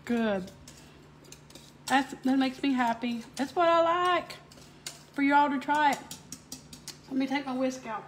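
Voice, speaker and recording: Chatty Southern woman, high voice. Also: unhurried, long pauses, background noise. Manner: homey, chatty, addresses viewers as y'all. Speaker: home cook host. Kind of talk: casual cooking demo.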